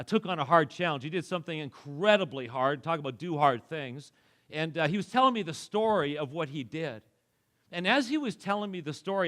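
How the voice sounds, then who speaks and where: High-voiced pastor asking rhetorical questions. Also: male voice, fairly bright tone. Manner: conversational, asks rhetorical questions. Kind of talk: sermon. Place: church auditorium.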